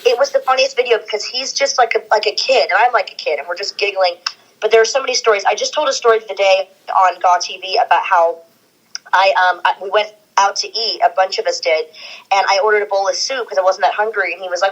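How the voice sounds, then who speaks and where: A woman guest on a podcast, telling animated stories in casual chat and acting out the quotes. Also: medium pitch, fast talker, rough recording. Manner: animated storyteller, acts out quotes.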